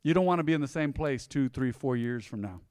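A man in his forties preaching a sermon as pastor, swinging from emphatic loud passages to hushed, tender ones. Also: medium pitch, lively intonation, brisk, no echo, studio quality, big-room sound. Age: 40s. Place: church sanctuary.

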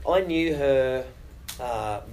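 A middle-aged Australian actor talking casually in an interview, chatty and self-deprecating, with many fillers and restarts. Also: male voice, medium pitch, lively intonation, extremely slow, a little mellow, slight background noise, poor audio.

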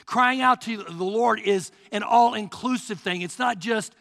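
A man in his sixties preaching a sermon as pastor, swinging from hushed murmurs to shouts. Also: high-pitched, unhurried, vocal fry. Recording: long hall reverb.

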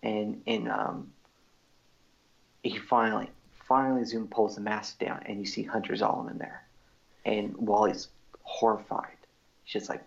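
A man with a gravelly, fry-laced voice talks through comic book scenes in a relaxed podcast chat. His pitch sits in the middle, and he slips into quoting the characters as he retells the panels. The recording sounds dull and lo-fi. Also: a little slow, pauses often. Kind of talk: casual chat. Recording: dull lo-fi audio.

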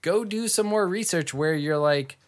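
A man's voice: high-pitched, normal speed. A man in casual conversation who argues heatedly, swears freely and fills his speech with "like". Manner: heated, swears, many "like" fillers. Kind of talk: casual chat.

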